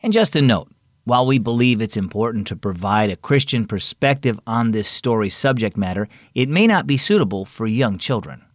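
A man hosting and reading a children's story in a gentle, reassuring way. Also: mid-range voice, animated, fairly quick, no room sound, clean studio sound. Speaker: host and storyteller. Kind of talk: scripted story narration for children.

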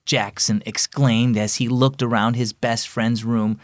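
A man's voice: mid-range voice, measured pace, hardly any pauses, no room sound, studio quality. A man hosting a children's devotional program, reading scripted narration in an encouraging storyteller's way.

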